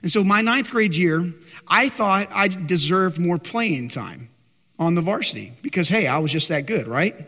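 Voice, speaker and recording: High-voiced preacher swinging from loud to hushed. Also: male voice, expressive, moderate pace, big-room sound. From Texas, USA. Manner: rises loud and high on questions, drops soft for stories. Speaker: pastor. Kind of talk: sermon.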